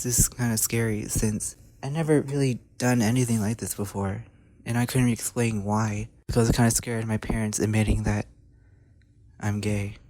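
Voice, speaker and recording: A man's voice: fairly low pitch, a little mellow, no room sound. A seventeen-year-old boy telling a personal story in an earnest, reflective way. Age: teens.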